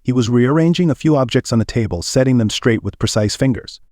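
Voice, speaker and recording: A man narrates a novel aloud with measured, even storytelling. His pitch sits in the middle of the range. The recording is dry and close. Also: no room sound. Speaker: audiobook reader. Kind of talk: scripted narration.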